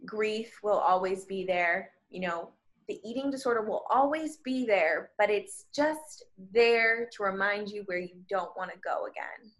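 A woman's voice: mid-range voice, measured pace, fairly bright tone. A woman guest on a podcast, speaking candidly and from the heart about her personal experience. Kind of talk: personal storytelling in conversation.

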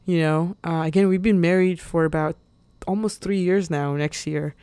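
A woman's voice: lowish voice, fairly even intonation, moderate pace, dark tone, clean tone, dry recording. Chatty woman podcaster, dry close sound. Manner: chatty and rambling, with frequent fillers and laughs; openly emotional and earnest. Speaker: podcast host. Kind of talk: casual solo podcast monologue.

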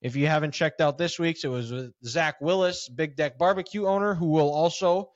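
A man's voice: on the high side, moderate pace, no echo. A man hosting a casual podcast, laid-back and teasing with dry quips, also reading the show's wrap-up. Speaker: podcast host. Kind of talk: casual chat. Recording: dull, dry, lo-fi podcast audio.

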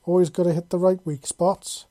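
A narrator voicing a cocky male ex-special forces soldier who jokes and growls softly. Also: medium pitch, level tone, normal speed, pitched above the performer's own voice, lightly acted. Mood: playful.

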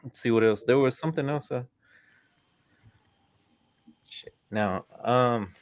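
A man in casual podcast chat, hesitant and pausing on fillers as he thinks. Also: medium pitch.

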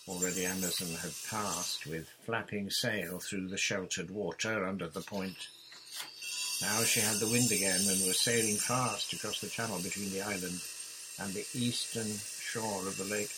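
A man reading a children's adventure novel aloud in a steady, measured storybook narration. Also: low-pitched, noisy background. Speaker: audiobook reader.

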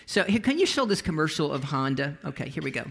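Bright, high-voiced male preacher. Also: sing-song, fast, vocal fry, husky. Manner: conversational storytelling with frequent restarts. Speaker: pastor. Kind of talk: sermon.

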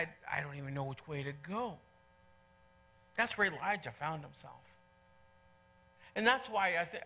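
A middle-aged man preaches in a church, his voice pitched high and ringing bright. He talks to the congregation in an earnest, conversational way and repeats key lines for weight. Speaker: pastor. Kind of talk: sermon.

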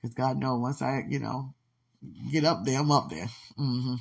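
A woman hosting a casual livestream chat, gushing with affection and laughing easily. Her voice is gravelly and husky, and she takes her time with each word. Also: a bass voice, fairly even intonation, a little slow. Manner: effusive and affectionate, laughing often. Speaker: podcast host.

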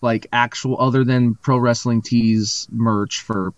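A man at an ordinary middle pitch hosts a casual chat. He talks haltingly, full of "um" and restarts. The sound is dry and a little dull. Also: steady tone, no echo. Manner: hesitant, many fillers and restarts. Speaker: podcast host.

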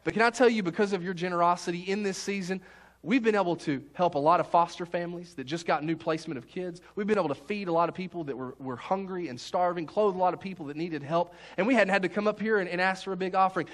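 A man's voice: high voice, fast talker. A man preaching a sermon as pastor, in a folksy, conversational way with many restarts.

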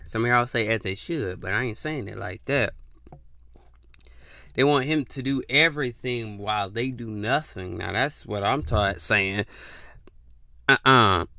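A man hosting a podcast, ranting in a casual, profane, animated way and slipping into mock voices. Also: on the low side, unhurried, gravelly, long pauses, no echo. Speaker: podcast host. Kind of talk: casual opinion rant.

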